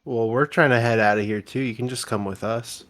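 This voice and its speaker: A man's voice: mid-range voice, fairly even intonation, brisk, a bit bright. A man playing a tabletop game, joking and a bit hesitant. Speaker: player. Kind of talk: casual tabletop play.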